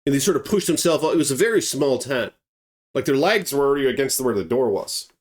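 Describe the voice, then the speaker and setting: Animated male storyteller with swings in pitch. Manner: animated, swearing, acts out scenes. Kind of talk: casual storytelling.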